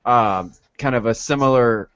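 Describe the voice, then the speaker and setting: A man's voice: medium pitch, unhurried, fairly bright tone, clear, resonant tone. Man chatting on a lo-fi podcast. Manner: chatty, reads off lists. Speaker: podcast co-host. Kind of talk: casual chat. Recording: dull lo-fi podcast audio.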